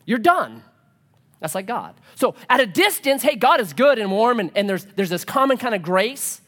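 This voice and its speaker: In his thirties, a male pastor gives a sermon with an animated, swooping delivery. While telling a story he slips into quick back-and-forth dialogue, his pitch rising and falling throughout.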